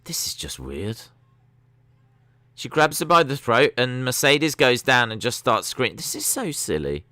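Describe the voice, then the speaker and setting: Man, young adult, chatty sarcastic live commentary, bright tense voice, dry close sound. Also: mid-range voice, expressive, normal speed, few pauses, no echo. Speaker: live stream watch-along host.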